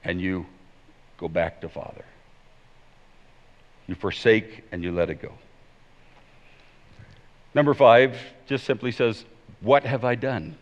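A man preaching a sermon as pastor, emphatic and swinging between loud declarations and hushed pleading. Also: sits low, lively intonation, slow, pauses often. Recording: dull sound in a long-reverb hall.

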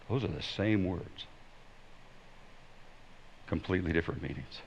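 A man preaching a sermon as pastor, emphatic and swinging between loud declarations and hushed pleading. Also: low voice, moderate pace, pauses often. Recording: dull sound in a long-reverb hall.

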